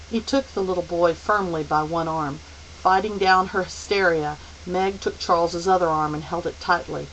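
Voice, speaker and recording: A woman narrating a novel aloud as an audiobook reader, steady and unhurried. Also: fairly low pitch, slight background noise, rough recording. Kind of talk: storybook narration.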